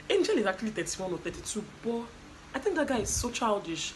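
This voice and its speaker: A woman's voice: medium pitch, sing-song, fast, slight background noise, rough recording. A woman casually recapping a reality show, chatty, with fillers and quoted asides.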